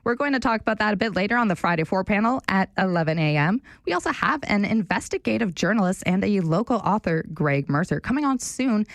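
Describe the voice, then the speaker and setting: A woman's voice: mid-range voice, fast talker, few pauses, no echo. Chatty young woman radio host. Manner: chatty storytelling, animated. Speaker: radio show fill-in host. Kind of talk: casual talk radio chat.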